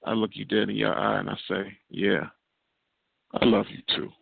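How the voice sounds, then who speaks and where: A man's voice: on the low side, completely flat delivery, normal speed, vocal fry, slightly rough, dry recording. A man, a guest poet calling in by phone, performing spoken word with a rhythmic, repetitive cadence. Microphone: phone call. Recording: tinny, dry phone line.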